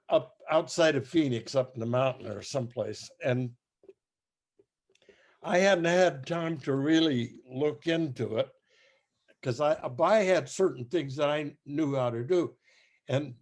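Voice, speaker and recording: An older man telling stories as a guest musician, halting and rambling with many restarts. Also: on the high side, a little mellow. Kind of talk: casual storytelling.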